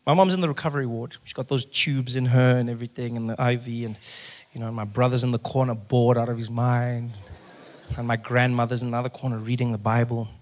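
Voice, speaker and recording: A young man with a South African accent doing animated stand-up comedy on stage, telling stories with playful voices. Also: medium pitch, a little fast. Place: live venue with audience.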